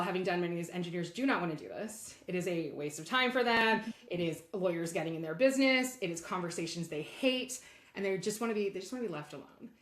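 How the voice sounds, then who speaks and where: A middle-aged woman with a fairly low voice tells a work story as a podcast guest. She is candid and lively and acts out bits of dialogue. The sound is echoey, as if recorded in a reflective room. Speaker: guest, legal operations leader.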